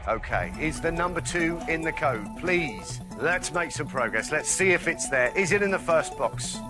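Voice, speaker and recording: A man's voice: a little high, expressive, moderate pace. A man hosting a quiz show, jokey and encouraging, often laughing between questions. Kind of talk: upbeat game show hosting. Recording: studio with loud background music. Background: music.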